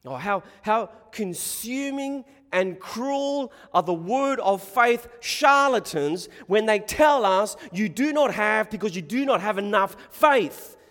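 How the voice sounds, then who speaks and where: Male preacher, sermon, high voice, unhurried phrases, long hall reverb. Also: animated, fairly bright tone. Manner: preaches in short, deliberate phrases with long pauses.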